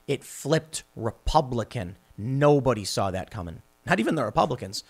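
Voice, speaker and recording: A man hosting a podcast, delivering a sarcastic, animated political commentary monologue and often repeating words as he restarts sentences. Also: mid-range voice, normal speed, gravelly, hardly any pauses. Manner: animated, sarcastic, mocks opponents in put-on voices. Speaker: podcast host.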